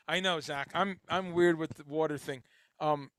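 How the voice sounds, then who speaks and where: A man's voice: on the high side, moderate pace, fairly bright tone, no echo, clean studio sound. A middle-aged man who grew up in Chicago and the Caribbean, hosting a casual livestream, rambling and swearing as he reads chat comments aloud. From grew up in Chicago and Guyana, later New Jersey. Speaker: livestream host.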